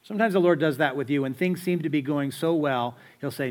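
A man's voice: on the high side, brisk, hardly any pauses, a little mellow. A man preaching a sermon in a conversational, storytelling way, full of rhetorical questions to the listeners. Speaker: pastor.

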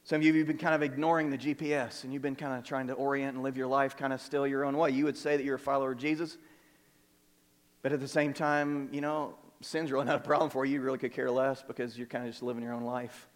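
A man preaching a sermon as pastor, earnest and repetitive, moving between quiet and emphatic passages. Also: mid-range voice, flat delivery, quick pace, big-room sound. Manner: earnest, repeats words, swings between soft and emphatic. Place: church sanctuary.

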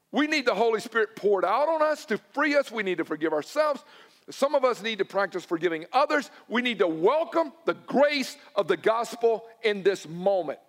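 A male pastor, preaching a sermon and swinging between loud emphatic lines and hushed, personal ones. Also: high voice, sing-song, moderate pace, in a large hall. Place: church sanctuary.

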